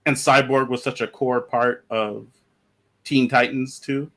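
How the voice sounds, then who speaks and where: A man's voice: mid-range voice, fairly even intonation, measured pace, a bit bright. A man chatting on a comics podcast panel over an online call, rambling with lots of fillers and restarts. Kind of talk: casual panel discussion.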